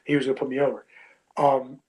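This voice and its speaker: A man's voice: mid-range voice, level tone, fast talker, darkish tone, low-quality recording. A man in his thirties, a wrestler telling a long story in a casual interview, full of fillers like "you know what I mean" and "bro".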